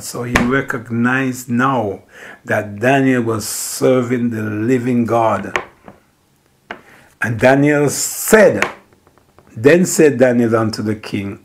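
A man preaching a sermon, slowly retelling a scripture story, repeating phrases for emphasis and acting out the characters' words. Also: medium pitch, creaky. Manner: acts out the king's and Daniel's words.

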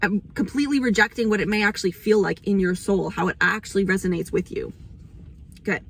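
A woman's voice: medium pitch, fast, creaky, slightly rough. A young woman hosting an astrology channel, rambling in a casual spiritual monologue, swearing freely, and getting emotional at times.

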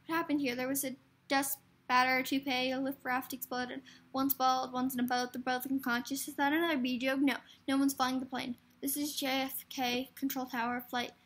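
A woman's voice: high-pitched, flat delivery, normal speed, a bit bright. A woman reading a film script aloud for a variety show, hurrying through with stumbles and restarts.

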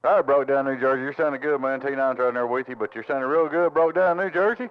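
Through loud static and tinny radio sound comes CB chatter from a Tennessee man with a Southern American drawl, offering warm hellos and goodbyes. His voice is medium-pitched and he speaks at a quick pace.

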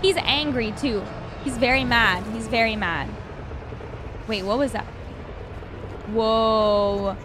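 A woman hosting a reaction video, excitable, gasping often and talking to her viewers as she watches an animation. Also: fairly high pitch, slow pace, long pauses, background noise.

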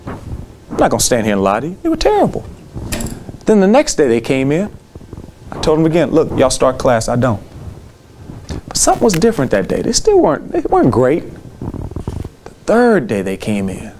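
A man giving a lively talk to teachers, telling classroom stories and leading call and response. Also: on the high side, a little hiss or hum. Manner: lively storytelling with call and response, acts out students. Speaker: teacher speaking to educators.

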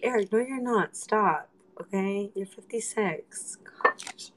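A woman's voice: medium pitch, measured pace, slight background noise. A young woman chatting casually on a livestream, rambling and joking with her viewers. She teases people in a playful way and drops Spanish slang between her English phrases. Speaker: livestream host.

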